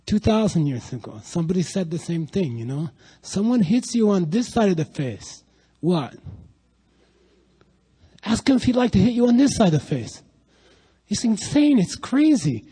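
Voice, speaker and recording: A middle-aged man giving a lively spiritual talk to an audience, telling stories and asking rhetorical questions. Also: high voice, normal speed, breathy edge, poor audio. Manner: animated, rhetorical questions, storytelling. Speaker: spiritual teacher.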